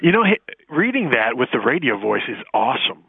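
A gravelly-voiced man calls in over a thin, tinny phone line. He talks haltingly and stops to restart his thoughts. He laughs easily. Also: medium pitch, very animated, no echo. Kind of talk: casual radio talk.

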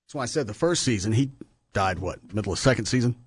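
A man's voice: lowish voice, lively intonation, quick pace, a little hiss or hum. A man, hosting a radio show and chatting in an offhand, opinionated way. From Texas. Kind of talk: casual radio chat.

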